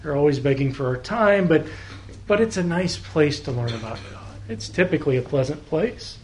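A man delivers a sermon from the pulpit, his voice sitting a little high. He speaks conversationally, asks the congregation rhetorical questions and plays out short back-and-forth exchanges. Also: expressive, moderate pace, slight background noise. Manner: conversational preaching with rhetorical questions and acted-out dialogue. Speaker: pastor.

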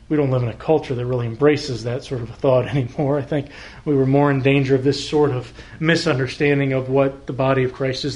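A man's voice: medium pitch, a little mellow. A man preaching a sermon as pastor, conversational, posing rhetorical questions and acting out short exchanges.

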